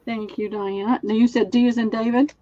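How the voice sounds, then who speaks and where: A woman's voice: fairly high pitch, fairly even intonation, fairly quick, warm tone, no room sound, lo-fi sound. Chatty Southern woman selling linens. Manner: chatty, describes items in detail. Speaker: online sale host. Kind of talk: live-stream selling chat.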